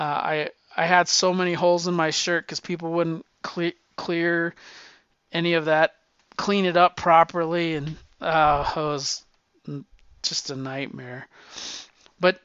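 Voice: mid-range voice, takes it slowly, a bit bright, clear, resonant tone, dry recording. A person in their fifties talking candidly in a rambling, profane monologue, with frequent restarts and sounding slightly winded. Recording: dull lo-fi sound.

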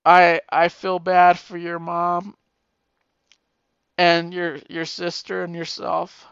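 A middle-aged man and podcaster giving a heartfelt, emotional message, halting and repeating his words, tearful at times. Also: high voice, completely flat delivery, a bit bright, smooth, no echo, highs cut off.

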